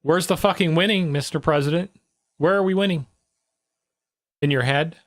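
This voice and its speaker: A fairly high-voiced man holds forth on his livestream in a loose, cursing, sarcastic rant. He mocks what he hears and talks back at the clips he plays. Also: normal speed, dry recording, clean studio sound. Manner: sarcastic, mocking, swears freely. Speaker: livestream host. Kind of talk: profane casual commentary over news clips.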